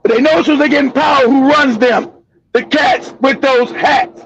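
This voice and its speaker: A man hosting a political commentary show, ranting angrily with profanity and bursts of shouting. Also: very high voice, steady tone, moderate pace, slight background noise. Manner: angry, profane, shouting tirades. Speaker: host. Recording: dull lo-fi audio.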